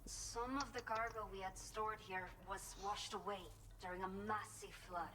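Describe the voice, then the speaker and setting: A woman's voice: medium pitch, fairly even intonation, normal speed, noisy background, close to an everyday voice. An actress voicing an earnest, grateful young woman in a video game, a reformed former bandit who now looks after elderly villagers. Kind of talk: game cutscene dialogue.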